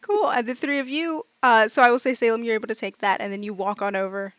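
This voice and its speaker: A woman narrating as game master, chatting loosely with lots of fillers and acting out quick bits of her characters. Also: fairly high pitch, fairly bright tone, no echo. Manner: chatty, many fillers, acts out side characters.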